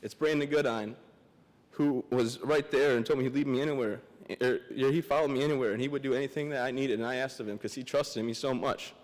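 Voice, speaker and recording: A man's voice: medium pitch, steady tone, fast talker. Tearful young man speaking in a hall. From Michigan. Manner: emotional, teary, plain-spoken. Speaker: guest speaker. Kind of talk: memorial speech. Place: large hall. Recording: long hall reverb.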